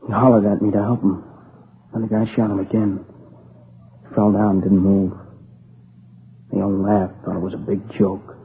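A man's voice: on the low side, flat delivery, lightly acted. A man playing a grief-stricken young survivor. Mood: grieving. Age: young adult. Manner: halting, subdued, plain-spoken. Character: grieving young man recounting his friend's murder. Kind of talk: radio drama acting. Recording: tinny lo-fi old radio recording with faint hiss.

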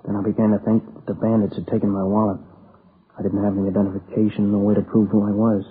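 Guy doing a young man all shook up and near tears, lowish flat voice, tinny old radio with hiss. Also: close to an everyday voice. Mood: weary. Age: young adult. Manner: shaken, halting, near tears. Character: young man, grieving, exhausted survivor. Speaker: robbery and murder witness. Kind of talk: 1950s radio crime drama acting.

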